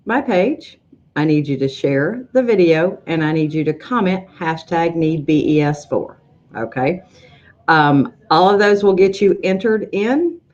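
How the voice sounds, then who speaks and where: A woman hosting a live sewing-software show, greeting viewers in a chatty, rambling way with frequent ums. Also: lowish voice, lo-fi sound. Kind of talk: casual livestream chat greeting viewers.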